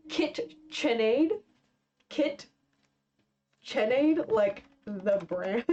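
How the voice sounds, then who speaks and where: A young woman chatting casually while she draws on a live stream, rambling and filling gaps with "like" and "um". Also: on the high side. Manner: rambling, heavy on fillers. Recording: dull lo-fi stream mic.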